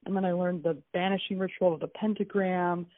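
A woman recounting events in an interview, telling it in a lively way and acting out what people said. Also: a little fast, no echo. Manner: animated storytelling, acts out dialogue with swings in pitch. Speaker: wife and mother recounting events. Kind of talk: recorded interview testimony. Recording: tinny phone-like audio with faint music.

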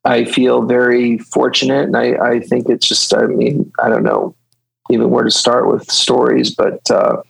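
A middle-aged man, an interior designer, telling stories in a casual interview and acting out quotes in high voices. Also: flat delivery, moderate pace, creaky, breathy edge, dry recording, poor audio.

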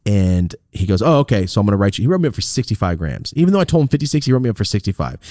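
A man's voice: no echo, clean studio sound. A man in his thirties hosting a podcast, telling a story casually with lots of swearing and acting out the people in it. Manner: animated, profane, acts out quoted people with big pitch jumps. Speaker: podcast host.

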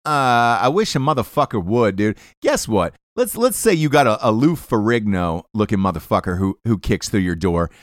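A man's voice: on the low side, lively intonation, normal speed, few pauses, dry recording, clean studio sound. Profane rambling male podcast host. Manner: profane, rambling, restarts often. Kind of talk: casual chat and ad reads.

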